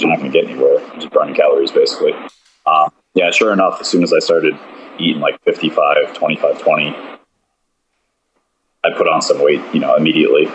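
A man with an extremely low, deep voice chats casually as a podcast guest. He rambles loosely and fills his talk with hesitations. A faint noise runs under the recording. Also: poor audio. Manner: loose and rambling, with many fillers. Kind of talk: casual chat.

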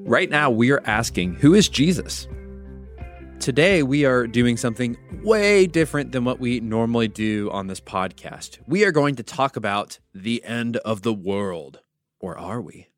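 A man's voice: mid-range voice, expressive, normal speed, few pauses, soft background music. A man from the United States, a pastor hosting a devotional podcast, teaching through conversational storytelling with wry asides.

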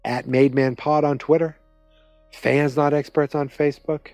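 A man's voice: a little high, flat delivery, unhurried, darkish tone, no echo, soft background music. A man hosting a podcast, recapping a television episode in a rambling, conversational way, with many restarts. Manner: rambling, self-interrupting, conversational. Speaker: podcast host.

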